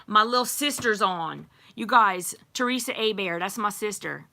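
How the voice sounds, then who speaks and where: A woman's voice: medium pitch, animated, moderate pace, vocal fry, hardly any pauses, pushed and bright. A middle-aged woman hosting a casual livestream, chatting with viewers in a rambling way with frequent ums and little laughs. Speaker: livestream host. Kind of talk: casual live chat reading comments.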